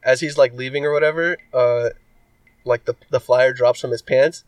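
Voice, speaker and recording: A man's voice: medium pitch, fairly even intonation, moderate pace, recorded from a distance. Rambling man on a podcast. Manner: rambling, filler-heavy with many likes and ums. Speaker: podcast co-host. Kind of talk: casual podcast chat.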